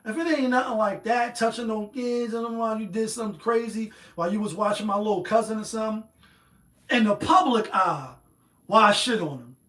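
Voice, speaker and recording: A man's voice: sits high, a little fast, fairly bright tone, roomy sound. Male host, streetwise and rambling. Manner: streetwise, profane, rambling opinion talk. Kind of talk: casual monologue.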